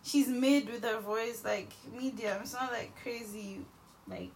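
A woman's voice: fairly high pitch, fairly even intonation, a little slow, darkish tone, a little hiss or hum. A woman co-hosting a casual podcast, talking in a laid-back, hesitant way full of fillers. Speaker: podcast co-host. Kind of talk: casual chat.

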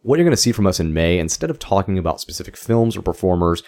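A man with a very low voice co-hosts a relaxed film podcast. He talks in a loose, joking way and laughs often. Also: quick pace. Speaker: podcast co-host. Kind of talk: casual chat.

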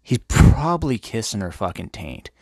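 A man's voice: fairly low pitch, sing-song, normal speed, darkish tone, breathy edge, no room sound, studio quality. A man hosting an irreverent, profanity-heavy comedic retelling of a classic tale. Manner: profane, irreverent, laid-back. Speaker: host.

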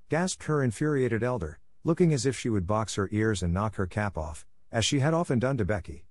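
A man narrating a classic story aloud in a steady, measured reading voice, recorded close. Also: lowish voice, no echo. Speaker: audiobook reader.

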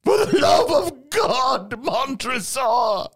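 A man voicing a desperate nobleman walled in a catacomb, with slow, strained laughter that breaks into shouts, in a dramatic audiobook reading. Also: a little high, sing-song, vocal fry, breathy edge, full character voice. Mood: pleading.

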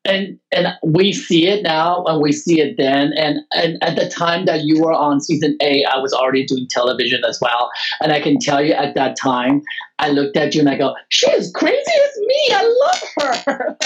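Host lady in her 50s, deep voice, kinda muffled lo-fi sound w a bit of hiss. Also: steady tone, normal speed. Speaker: talk show host. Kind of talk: casual chat. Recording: dull lo-fi, faint noise.

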